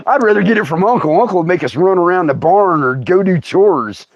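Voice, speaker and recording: A man's voice: sits high, big pitch swings, fast talker, few pauses, dry recording, dull audio. Folksy man telling a laughing tale. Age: middle-aged. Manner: folksy, laughing often, acting out relatives' lines. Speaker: storyteller host. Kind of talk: comic storytelling livestream.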